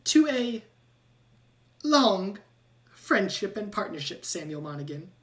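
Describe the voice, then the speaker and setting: A woman voicing an eccentric, shady male rat scientist who squeaks and clings to his new friend. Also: very animated, slow pace, distant mic. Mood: chummy. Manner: squeaky, ends lines with squeak squeak.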